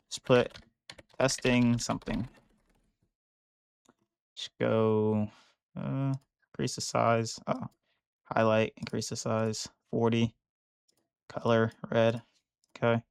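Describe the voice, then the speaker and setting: A man with a gravelly, mid-pitched voice talks casually over his own work, thinking aloud and often restarting his sentences. He sits close to the mic in a dry small room. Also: a bit bright, no room sound. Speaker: bug bounty hunter streaming a live session. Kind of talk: casual live-stream commentary while working. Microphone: close mic on a headset or desk.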